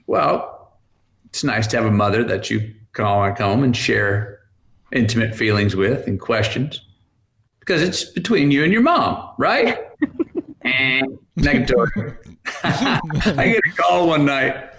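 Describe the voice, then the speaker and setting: A man's voice: medium pitch, takes it slowly, gravelly. A man in his fifties, a guest on a podcast, telling stories with lots of laughter and acted-out voices. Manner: animated storyteller, acts out quoted voices, laughs often. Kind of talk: storytelling in a podcast interview.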